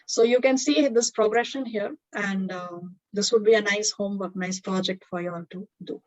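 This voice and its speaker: A woman's voice: mid-range voice, normal speed. A woman teaching a devotional scripture class, explaining earnestly with many fillers and restarts. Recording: dull lo-fi recording.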